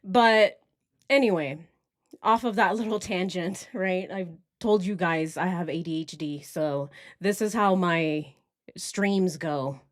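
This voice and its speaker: A woman's voice: fairly low pitch, takes it slowly, dry recording, studio quality. A woman hosting a casual true crime livestream, rambling off on tangents and now and then putting on mocking voices.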